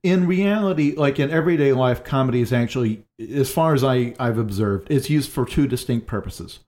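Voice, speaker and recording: A man's voice: medium pitch, brisk, a little mellow. A man talking through ideas in a casual panel discussion, thinking aloud with many fillers. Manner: loose, thinking aloud with frequent "like".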